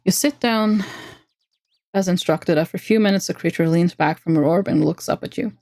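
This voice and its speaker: A woman streamer reading a text adventure game aloud, with playful asides and brisk narration. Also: lowish voice, darkish tone.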